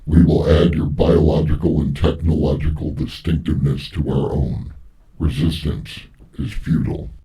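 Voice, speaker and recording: An actor playing a menacing cybernetic hive-mind collective in a science-fiction clip, speaking flat commands in a layered chorus. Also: male voice, extremely low pitch, normal speed.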